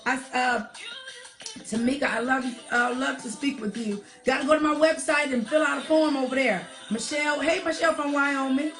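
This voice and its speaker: A high-pitched woman hosts a casual live stream, greeting her viewers one by one in an affectionate, chatty way full of y'all and honey. Her voice comes through a webcam-style mic, with an R&B song playing faintly behind her. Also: moderate pace, soft background music. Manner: chatty and affectionate, calling viewers darling, girl and honey, heavy use of y'all. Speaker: live show host. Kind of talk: casual livestream chat reading viewer shout-outs. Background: R&B song playing softly.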